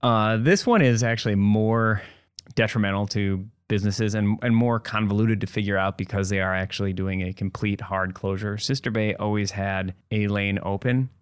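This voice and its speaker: A man's voice: fairly low pitch, fairly even intonation, normal speed, smooth, dry recording. A man, a writer and editor, chatting on a podcast with wry dry humor and plain explanations. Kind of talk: casual chat.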